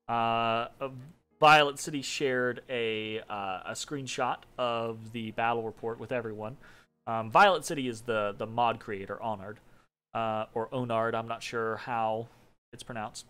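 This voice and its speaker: A man's voice: medium pitch, unhurried, fairly bright tone. A man casually commentating his own strategy game turn, rambling, correcting himself and making wry asides. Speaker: let's play commentator.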